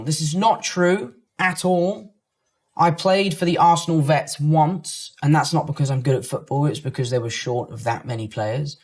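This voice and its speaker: A man's voice: on the high side, moderate pace. Playful London man with music behind. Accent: London English. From London, England. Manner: playful, joking, chatty. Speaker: actor answering fan comments. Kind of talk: casual chat reacting to online comments.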